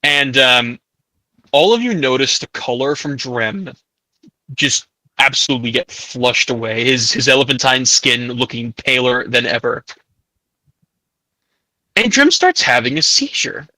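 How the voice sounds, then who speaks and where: A man's voice: mid-range voice, expressive, unhurried, pauses often, pushed and bright, no room sound, low-quality recording. A man running a tabletop game as game master, describing scenes and stopping players to clarify.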